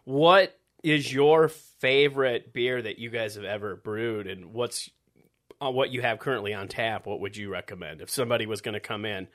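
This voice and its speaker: A man's voice: on the low side, a bit bright. Friendly man hosting a podcast. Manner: friendly, enthusiastic, halting restarts. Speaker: podcast host. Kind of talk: casual interview chat.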